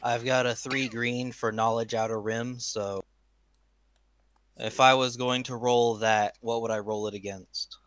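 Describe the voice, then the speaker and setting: A man's voice: mid-range voice, level tone, a little slow, a bit bright, dry recording. A man playing a tabletop game, matter-of-fact. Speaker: player.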